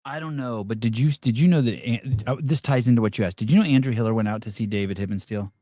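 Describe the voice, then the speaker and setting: A man's voice: mid-range voice, fast talker, mellow, no room sound, clean studio sound. A man hosting a podcast in casual chat, rambling and restarting, telling stories and acting out quotes. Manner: rambling storyteller, many fillers and restarts, acts out quotes. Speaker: podcast host.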